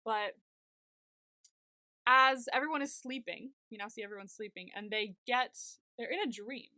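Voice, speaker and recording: A woman's voice: on the high side, moderate pace, sharp tone, dry recording. A young woman co-hosting a podcast, animatedly retelling a TV episode in casual chat, full of "like" and fillers. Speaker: podcast co-host.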